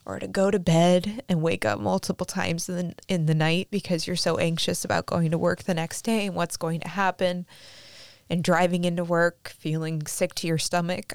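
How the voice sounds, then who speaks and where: Young woman podcast host, rambly casual chat, smooth but gravelly low voice. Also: moderate pace, no room sound, studio quality. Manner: chatty, rambling, many fillers. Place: Fresno, California.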